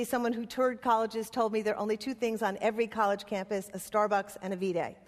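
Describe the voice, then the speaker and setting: Impassioned woman speaking in a hall. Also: a little high. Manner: impassioned, rhythmic listing. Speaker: playwright and activist speaker. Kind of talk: conference speech. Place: conference hall. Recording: long hall reverb.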